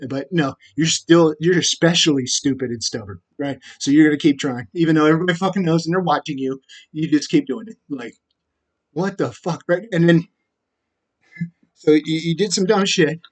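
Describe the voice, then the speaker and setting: A man talking straight to camera in a rambling, profane monologue that keeps jumping to louder, higher bursts. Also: moderate pace. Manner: rambling, profane, with sudden loud rises. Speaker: vlogger.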